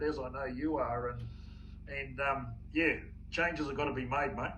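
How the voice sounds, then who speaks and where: A man's voice: medium pitch, steady tone, normal speed, pushed and bright, slight background noise, rough recording. A man, a former rugby player giving a heated interview, frustrated and stumbling over restarts. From New Zealand.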